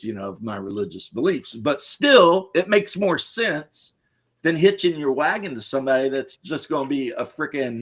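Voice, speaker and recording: A man's voice: medium pitch, a bit bright. A middle-aged man, a podcast host, giving his opinions in a blunt, crude, casual chat and laughing at his own stories.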